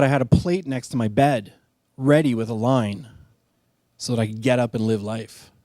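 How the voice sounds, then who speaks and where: A middle-aged man shares his own story at a live storytelling night, talking in a candid, conversational way and often making fun of himself. His voice is warm and mellow, and the sound is close and dry. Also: mid-range voice, no room sound. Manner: candid, conversational, self-deprecating. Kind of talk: personal storytelling talk.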